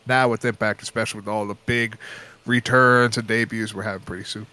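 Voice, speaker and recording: A man's voice: lowish voice, level tone, a little fast, bright, forceful tone. A man co-hosting a casual wrestling podcast, talking in an earnest, hype-man way. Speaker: podcast co-host.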